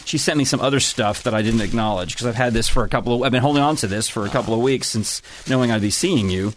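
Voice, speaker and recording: A man's voice: medium pitch, quick pace, slight background noise. Rambling middle-aged man telling a story. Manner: rambling, self-interrupting storyteller. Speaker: guest telling a family story. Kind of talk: casual chat.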